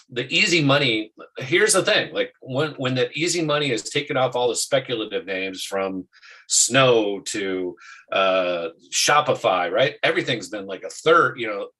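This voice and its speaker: Bright-toned man talking markets. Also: medium pitch, low-quality recording. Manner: animated, restarts often. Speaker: market show host. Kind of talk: casual market talk.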